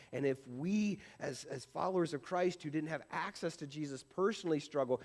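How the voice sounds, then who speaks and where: Conversational male pastor preaching. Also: a little high. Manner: conversational, self-deprecating, rhetorical questions. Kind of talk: sermon. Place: church sanctuary.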